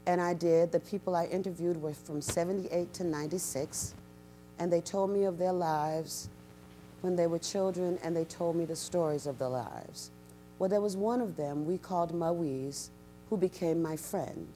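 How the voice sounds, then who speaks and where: Animated woman storyteller giving a talk. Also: moderate pace, faint music behind. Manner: animated, acts out quotes with big pitch jumps. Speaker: storyteller and guest speaker. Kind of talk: storytelling lecture. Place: university event, in front of an audience.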